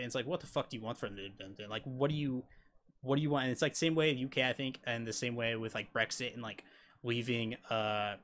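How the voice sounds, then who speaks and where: A man's voice: mid-range voice, lively intonation, a little fast, fairly bright tone, slight background noise. An American man giving casual reaction commentary, rambling with lots of swearing and filler words. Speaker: reaction video host.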